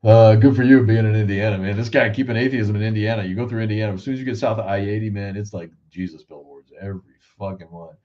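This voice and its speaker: A man's voice: lowish voice, fairly even intonation, fast, hardly any pauses, lo-fi sound. A man hosting a casual live chat show, joking and profane, with rambling asides. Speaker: show host.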